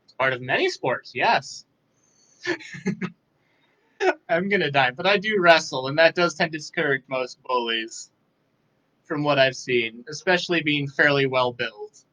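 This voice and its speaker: Young man, guest in a live chat; dry wit, soft delivery, bright and somewhat high voice, tired. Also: unhurried, long pauses, rough recording. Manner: dry, self-deprecating humor, softly spoken. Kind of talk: casual live interview.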